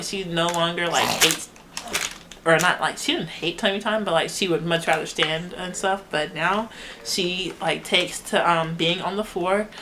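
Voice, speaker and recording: Chatty young mom rambling to camera. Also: female voice, on the low side, fairly bright tone, a little hiss or hum, rough recording. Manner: chatty, rambling, heavy use of "like", laughs often. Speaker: mother vlogging a baby update. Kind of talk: casual chat to camera.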